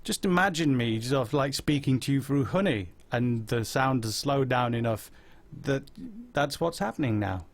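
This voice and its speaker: A man hosting a casual live-stream chat, rambling through viewers' comments with deadpan silly humor. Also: mid-range voice, normal speed, vocal fry, dry recording. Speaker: host.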